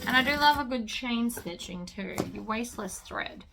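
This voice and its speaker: A woman with a slightly high, animated, creaky voice hosts a relaxed sewing tutorial at normal speed, a sewing machine running in a noisy background. She chats casually, talks to herself as she stitches, and is cheerfully enthusiastic about her work.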